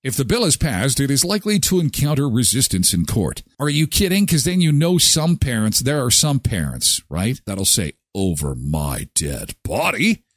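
A man hosting a live daily show, chatting casually in an animated, joking way. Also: moderate pace, hardly any pauses, dry recording, studio quality. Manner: animated, joking, swings in pitch.

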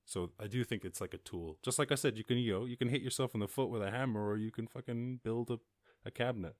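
A man's voice: mid-range voice, fast talker, no room sound, studio quality. A man hosting a podcast, talking casually and rambling through listener questions with swearing and sudden bursts of outrage. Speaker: podcast host. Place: lives in rural Ireland.

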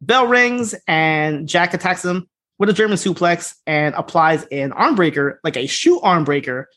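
A man co-hosting a podcast, casually recapping a TV episode and acting out its dialogue in quick bits. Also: fairly high pitch. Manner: animated retelling, acts out scene dialogue. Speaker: podcast co-host.

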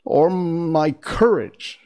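A man voicing a big cowardly lion in a storybook reading, drawing his words out slowly. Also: a little high, dark tone, voice pushed up. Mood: timid. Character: big timid lion, cowardly yet blustering.

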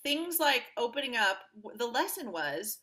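A woman guest on an interview podcast, telling personal stories in an upbeat, animated way and acting out the voices of people she quotes. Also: a little high, moderate pace. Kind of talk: conversational interview storytelling.

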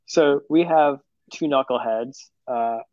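A man's voice: mid-range voice, slow, a little mellow, dry recording. Male podcast co-host, easygoing teasing storyteller, slightly dull dry recording. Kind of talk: casual chat.

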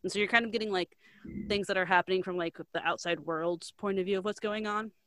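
A woman in casual chat, retelling a story in a rambling, animated way, filling every pause with "like". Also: medium pitch, no echo. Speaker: co-host recapping a book.

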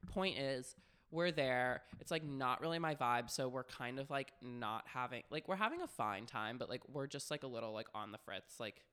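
A man's voice: mid-range voice, expressive, normal speed, pushed and bright, smooth. A young man co-hosting a podcast, telling frank, profane stories in casual chat with constant "like" fillers. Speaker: podcast co-host.

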